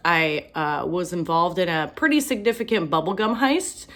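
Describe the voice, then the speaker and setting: A woman's voice: fairly low pitch, animated, normal speed, a bit bright. Self-mocking young woman doing stand-up. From Ohio, USA. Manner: self-deprecating, laughs at her own jokes. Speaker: stand-up comedian. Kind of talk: stand-up comedy set.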